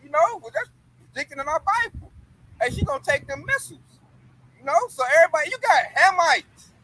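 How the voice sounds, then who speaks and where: A man reading Bible verses aloud and commenting on them in casual slang, joking and doing quick voices. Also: very high voice, very animated, bright, forceful tone, no room sound, poor audio. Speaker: bible study teacher. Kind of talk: informal scripture study and commentary.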